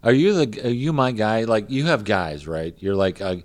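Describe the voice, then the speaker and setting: A man's voice: lowish voice, big pitch swings, normal speed. A man co-hosting a podcast, bantering casually and teasing his friend. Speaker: podcast co-host.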